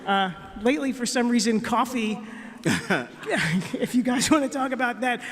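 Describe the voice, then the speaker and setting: A man who writes for TV, telling anecdotes on a convention panel in an animated, laughing way. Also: very high-pitched, moderate pace. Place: large convention hall. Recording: roomy hall reverb.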